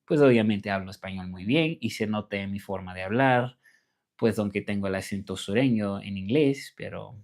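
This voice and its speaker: A man's voice: fairly low pitch, a little fast, a little mellow. Southern guy from tennessee doing a laid-back livestream, answering chat as it comes in. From Tennessee, USA. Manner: chatty, reads viewer comments aloud and answers them. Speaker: livestream host and interpreter.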